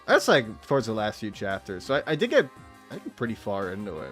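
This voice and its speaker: A man's voice: fairly low pitch, huge pitch swings, quick pace, fairly bright tone, soft background music. A young man streaming a game and chatting casually, rambling and swearing with frequent laughs. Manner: rambling, profane, laughs often. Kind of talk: casual gaming chat.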